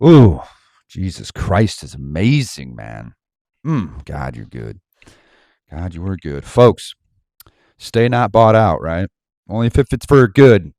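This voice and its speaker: A man's voice: deep voice, very animated, takes it slowly, creaky, pauses often, a little mellow, dry recording, studio quality. A man hosting an online Bible study, ranting heatedly and rambling in slang, laughing to himself between points. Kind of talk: casual ranting commentary.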